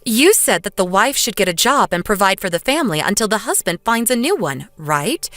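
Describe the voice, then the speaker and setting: A woman voicing a calm young wife who firmly lectures her mother-in-law. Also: medium pitch, dry recording. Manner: cool, lecturing, steady. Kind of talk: dramatized story dub.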